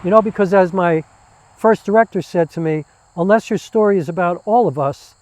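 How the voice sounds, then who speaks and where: A man's voice: high-pitched, brisk, a little mellow, dry recording, low-quality recording. A man, a theater performer and former musician, talking casually and enthusiastically with many fillers. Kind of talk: casual interview talk.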